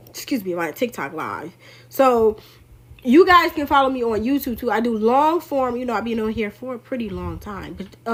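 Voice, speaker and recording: A young woman giving casual political commentary on a livestream, in a sassy, emphatic, animated way. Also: a little high.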